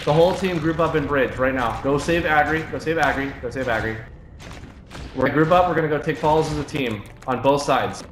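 A man's voice: a little high, quick pace, hardly any pauses. A man commanding his team in a live online game, giving urgent, repeated orders. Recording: echoey, noisy game capture. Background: gunfire from game.

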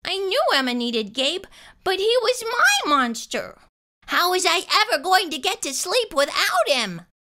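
A woman reading a children's picture book aloud in an expressive storytelling style. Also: extremely high pitch, a little slow.

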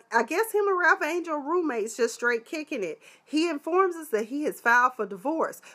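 A woman reviewing a TV episode in a casual live chat, animated and sassy, with lots of exclamations. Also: fairly high pitch. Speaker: TV show reviewer.

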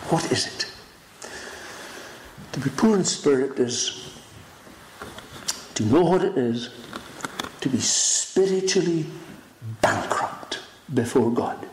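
A man preaching a sermon, swinging from high exclaiming cries down to hushed whispers. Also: echoey room, slight background noise, low-quality recording. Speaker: pastor. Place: church.

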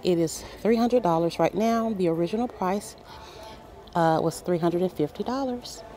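Excited woman reading out store prices. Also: on the low side, moderate pace. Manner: excited, reads prices aloud, addresses viewers as guys. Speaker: shopping vlogger. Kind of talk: casual store walkthrough. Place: large furniture store, indoors.

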